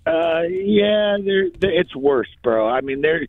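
A man in casual podcast chat, animated and slangy. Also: a little high, slow pace, no echo, phone-quality sound. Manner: animated, slangy, says bro.

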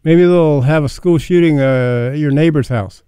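A man's voice: a little high, moderate pace, warm tone, clean tone, no echo. Resonant male talk host, dry teasing banter, close dry mic. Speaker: radio host. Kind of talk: casual talk radio chat.

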